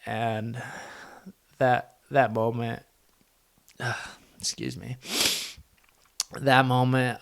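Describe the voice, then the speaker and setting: A man's voice: mid-range voice, vocal fry. A young man telling a personal story in a vlog, earnest and rambling, with many restarts. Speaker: vlogger.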